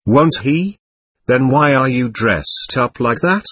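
A man's voice: mid-range voice, very animated, measured pace, a bit bright, breathy edge, dry recording, clean studio sound, exaggerated voice. Man voicing a sneering, spiteful young man. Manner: venomous, sneering.

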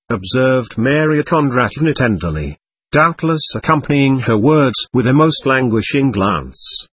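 A man narrating a classic novel as an audiobook in a measured storytelling manner. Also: medium pitch, lively intonation, fairly bright tone, slightly rough, no room sound. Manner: measured storytelling, shifting into character voices.

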